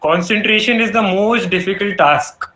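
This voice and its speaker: Bright-voiced man lecturing earnestly. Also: high-pitched, moderate pace, low-quality recording. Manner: earnest, lecturing, frequent "you know" fillers and restarts. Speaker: guest speaker. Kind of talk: motivational talk on public speaking. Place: event hall.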